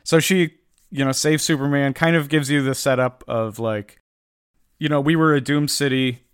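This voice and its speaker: A man's voice: mid-range voice, fairly even intonation, normal speed, smooth, dry recording, clean studio sound. A man chatting casually on a podcast, retelling a comic story with lots of fillers and acted-out lines. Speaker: podcast host recapping a comic. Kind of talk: casual chat.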